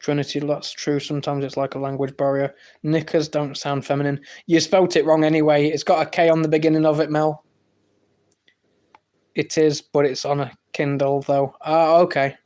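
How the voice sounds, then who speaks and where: A man's voice: on the high side, little pitch movement, moderate pace. Bantering English man on a livestream. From England. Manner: bantering, with sudden loud exclamations. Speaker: livestream host. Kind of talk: casual chat reading viewer comments.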